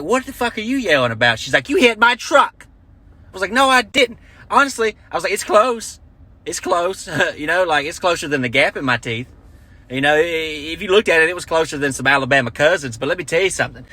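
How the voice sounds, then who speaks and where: A man's voice: on the high side, bright, forceful tone, no echo. A man telling a comic story as a profane, sarcastic rant. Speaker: stand-up comedian.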